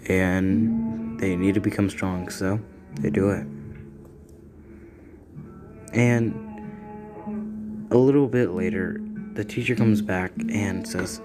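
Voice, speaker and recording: A man casually making up and narrating a story, rambling and halting as he goes. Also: low-pitched, steady tone, over music. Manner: rambling, halting, loose and informal.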